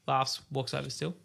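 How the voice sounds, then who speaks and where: A man's voice: fairly high pitch, vocal fry, sharp tone. An Australian man in his thirties chatting casually on a podcast, telling stories about his kids with lots of laughter. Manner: laughing storyteller, acts out his kids' lines. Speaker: podcast co-host. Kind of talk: casual chat.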